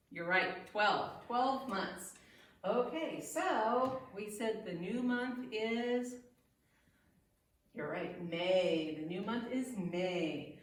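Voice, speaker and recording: A woman leading a children's circle-time lesson, gentle and sing-song, pausing for the children's answers. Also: medium pitch. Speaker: preschool teacher. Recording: very echoey room, voice from a distance.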